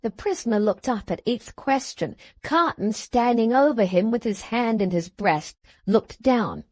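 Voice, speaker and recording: A woman narrating an audiobook in a measured way, slowing at the end of phrases. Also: a little high, animated, no echo. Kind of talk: scripted narration of a classic novel.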